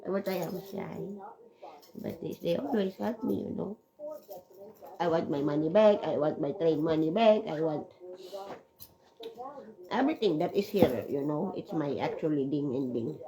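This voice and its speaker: A woman's voice: sits low, measured pace, long pauses, a crowd in the background, low-quality recording. Chatty emotional woman. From Switzerland. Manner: emotional, tearful at times, chatty with many fillers. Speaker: vlogger. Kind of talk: rambling personal vlog.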